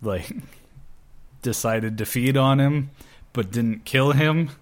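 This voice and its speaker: A man in casual chat, talking slowly and rambling with lots of fillers. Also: medium pitch. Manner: slow, rambling, many fillers. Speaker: guest. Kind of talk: casual chat about comic books.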